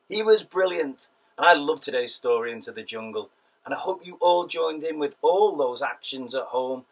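A man with a husky voice presenting a children's programme, chatty and asking the audience questions. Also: fairly high pitch, fairly bright tone, distant mic, poor audio.

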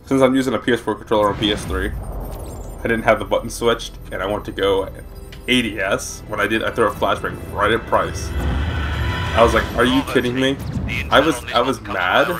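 A man's voice: on the low side, brisk, over music. A young man hosting a let's-play video, rambling and joking casually and talking back to the game. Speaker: gaming video host. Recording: game sound behind voice.

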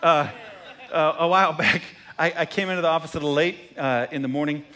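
A male pastor preaching a sermon, an animated storyteller who pokes fun at himself and keeps asking the room "right?". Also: fairly high pitch, brisk. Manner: animated storyteller with self-deprecating asides, tags lines with "right?".

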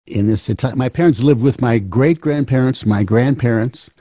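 A man in his seventies telling stories in a relaxed, wry way, full of small restarts. His voice is mellow and warm with a husky grain, sitting at an ordinary middle pitch. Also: moderate pace, no room sound. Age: 70s. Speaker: musician and storyteller. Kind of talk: casual storytelling.

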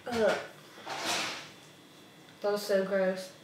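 A woman's voice: mid-range voice, level tone, drawn-out words. A young woman vlogger chatting casually and giggling often. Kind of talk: casual chat. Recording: echoey room, mic far off, faint noise.

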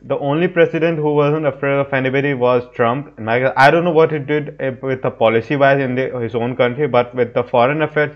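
A man's voice: medium pitch, lo-fi sound. A man hosting a reaction video who talks in a chatty, opinionated, informal way. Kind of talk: casual reaction commentary.

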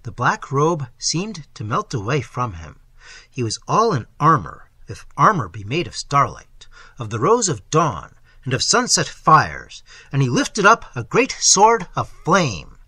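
A man reads a classic story aloud with lively, animated expression. His voice is bright and slightly husky, sitting a little high. It sounds dry and close to the mic. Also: measured pace, no echo. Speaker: audiobook reader. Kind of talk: scripted narration.

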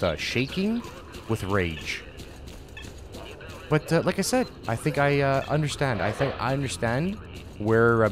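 A man's voice: lowish voice, a little hiss or hum. A man commentating a video game playthrough, exasperated and rambling, repeating himself. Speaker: gameplay commentator. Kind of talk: let's play commentary.

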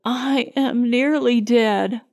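A woman's voice: on the high side, fairly even intonation, extremely slow, darkish tone. A woman narrator voicing a desperate, exhausted stranded woman who pleads weakly and gasps. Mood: pleading. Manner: weak, gasping pleading.

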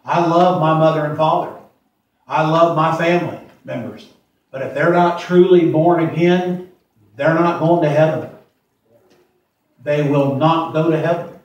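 A man in his forties preaching a sermon as pastor, plain-spoken, repeating himself and slowing down to stress verses. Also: a little high, fairly even intonation, muffled recording. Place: church sanctuary. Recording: echoey church from far off.

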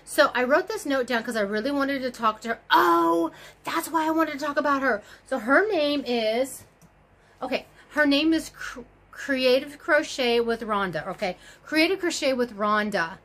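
A woman's voice: sits high, lively intonation, normal speed, a bit bright. A woman chatting casually on her crochet video blog, rambling and gushing with lots of fillers and exclamations. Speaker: crochet YouTuber.

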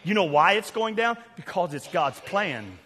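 Older male Southern preacher, high bright voice, fiery sermon in a reverberant sanctuary. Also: very animated, a little slow, slightly rough. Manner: loud, preachy, sudden shouts and quiet asides. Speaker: pastor. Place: church sanctuary. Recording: long church hall reverb.

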